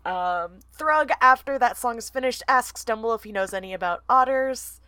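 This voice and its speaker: A woman's voice: fairly high pitch, normal speed, pushed and bright, clear, resonant tone, no room sound. A young American woman co-hosting a podcast, chatting enthusiastically about a book and reading passages aloud with frequent giggles. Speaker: podcast co-host. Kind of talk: casual book-club chat and reading aloud.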